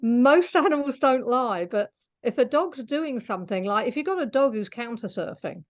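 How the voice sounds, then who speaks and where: A woman's voice: fairly high pitch, animated, moderate pace, lo-fi sound. A woman being interviewed as an animal communicator, chatty and laughing often as she explains patiently. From Scotland. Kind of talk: casual interview talk.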